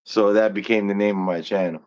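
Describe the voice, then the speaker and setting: A man's voice: lowish voice, steady tone, a little fast, a little mellow. Laid-back slangy man hosting a live stream. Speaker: livestream host. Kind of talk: casual live stream chat.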